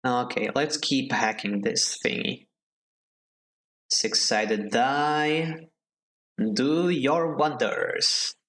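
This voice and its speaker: A man streaming a game live, talking casually in an ordinary mid-range voice. He thinks out loud and answers his viewers as he plays. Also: mid-range voice. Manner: chatty, thinks aloud, answers chat.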